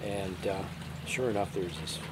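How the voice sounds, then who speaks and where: A man telling jokes in a folksy storyteller's manner, outdoors by the water. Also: moderate pace. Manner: folksy storyteller, drops his voice low for jokes. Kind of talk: joke telling. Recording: loud noise outdoors.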